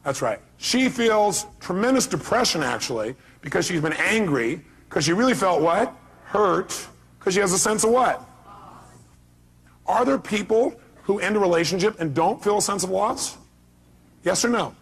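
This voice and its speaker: Brief: male motivational speaker, husky, emphatic, high-pitched for a man. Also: expressive, normal speed, a bit bright. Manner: emphatic, fires rhetorical questions at the audience. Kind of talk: motivational seminar talk.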